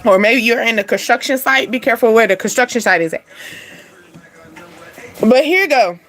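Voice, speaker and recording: A young woman with a high, bright-sounding voice talks through a spiritual card reading in a loose, chatty way. She laughs easily and drops slang as she goes, keeping it animated and personal. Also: moderate pace. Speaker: spiritual reading channel host.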